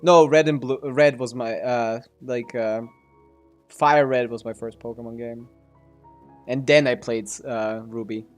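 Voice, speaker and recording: A man's voice: mid-range voice, fairly even intonation, a little slow, faint music behind. A man streaming a video game, commenting casually in a rambling, joking way and laughing often.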